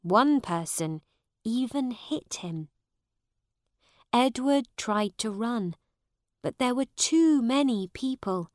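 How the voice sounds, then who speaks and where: A woman narrating a storybook in a careful, deliberate way. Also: fairly high pitch, animated, no echo, clean studio sound. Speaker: audiobook narrator. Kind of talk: slow storybook narration for learners.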